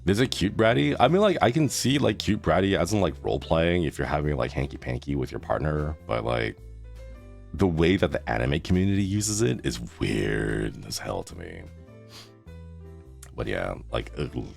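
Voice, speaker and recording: A man's voice: very deep voice, sing-song, normal speed, gravelly, soft background music. A man in his thirties chatting casually on a live stream, reacting to chat with groans and laughs. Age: 30s.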